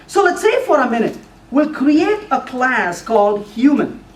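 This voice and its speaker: A man giving a technical talk with live coding to a user group, animated and playful, now and then putting on a mock voice for the compiler. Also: very high voice, a little slow. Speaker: conference speaker. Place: lecture room at a user group meeting. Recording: echoey room, voice from far off.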